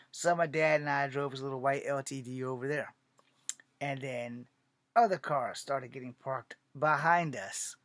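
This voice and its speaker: A man's voice: medium pitch, no echo. A man from Virginia telling a long personal story in a casual monologue, swearing often and acting out other people's lines. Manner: profane, animated, acts out quoted dialogue. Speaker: aspiring filmmaker telling his story.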